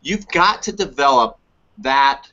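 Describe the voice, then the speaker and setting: A man's voice: mid-range voice, expressive, takes it slowly, bright, forceful tone. A man who coaches tennis, talking in a casual webinar discussion and repeating words for emphasis. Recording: muffled lo-fi webinar audio.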